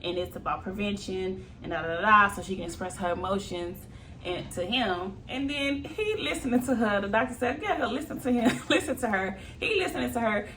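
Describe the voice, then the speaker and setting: A woman's voice: medium pitch, slight background noise. A woman giving a casual, gossipy recap of a reality show, laughing often and acting out what people said. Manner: laughs often, gossipy and animated, acts out quotes.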